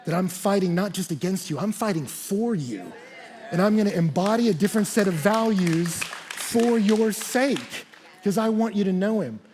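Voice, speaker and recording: A man's voice: high-pitched, lively intonation, normal speed, noisy background. A man pastor preaching a sermon, telling stories animatedly and acting out the quotes.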